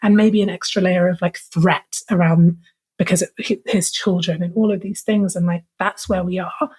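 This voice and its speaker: A woman's voice: on the low side, fairly even intonation, normal speed, a little mellow, husky. A woman guest on a podcast, speaking casually and frankly about her own experiences, with many fillers of "like". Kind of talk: candid personal storytelling in conversation.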